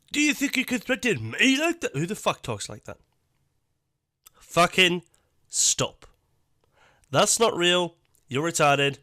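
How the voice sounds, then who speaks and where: A man rants through a reaction commentary, blunt and full of curses. His voice sits a bit high. The sound is dry and close, with no room around it. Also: no room sound. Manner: blunt, profane, animated. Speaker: YouTube commentator.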